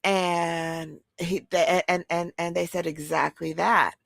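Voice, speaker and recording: Gravelly-voiced giggly woman chatting. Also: fairly low pitch, slow pace, dry recording. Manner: giggly, animated storytelling. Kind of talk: casual chat.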